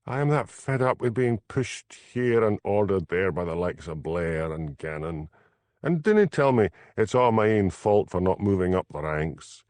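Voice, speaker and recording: A frustrated Highland constable with a Scottish accent, blunt and sarcastic, as a male narrator plays him. The low, dry reading stays close to the narrator's own voice in this audiobook. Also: lively intonation, moderate pace, darkish tone, no echo.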